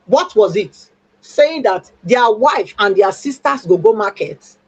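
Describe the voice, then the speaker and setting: A woman's voice: mid-range voice, animated, unhurried, breathy edge, muffled recording, soft background music. A woman speaking with a Nigerian Pidgin accent, calling in to a live stream and insistently arguing her point. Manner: insistent, argumentative. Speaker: caller. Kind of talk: heated call-in argument.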